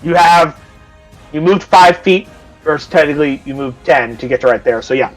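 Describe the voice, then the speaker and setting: A man's voice: fairly high pitch, moderate pace, faint music behind, rough recording. A man narrating as game master in a casual, profane way, explaining rules as he goes.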